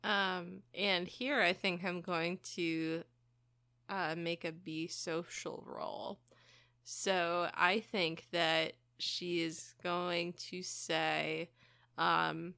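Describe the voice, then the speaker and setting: A woman playing a tabletop role-playing game, talking slowly and hesitantly with many fillers. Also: lowish voice, level tone, vocal fry, bright, forceful tone, clear, resonant tone, no room sound, clean studio sound. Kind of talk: casual tabletop role-play.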